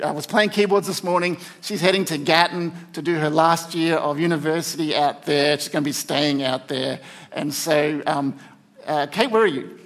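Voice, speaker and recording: A man's voice: fairly high pitch, fairly bright tone. A man, a pastor giving church announcements and a sermon in a chatty, joking way. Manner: chatty, joking asides with the congregation. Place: church hall.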